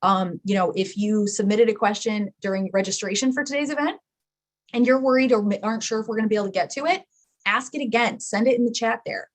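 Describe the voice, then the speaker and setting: A woman's voice: medium pitch, quick pace. Woman, webinar host, casual, chatty, self-deprecating. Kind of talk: casual live webinar hosting.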